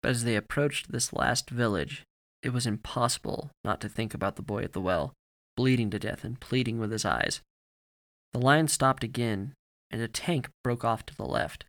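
A man reading a grim story aloud in a steady, measured narration. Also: mid-range voice.

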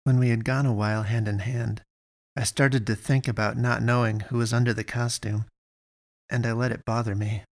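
A man narrating a first-person story, expressive, switching between narration and dialogue. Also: mid-range voice, moderate pace.

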